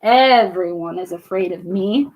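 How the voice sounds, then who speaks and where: A woman's voice: medium pitch, a little slow, natural voice, poor audio. A woman doing a boastful little mouse. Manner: bright, confident, bragging. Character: small bold clever male mouse, boastful.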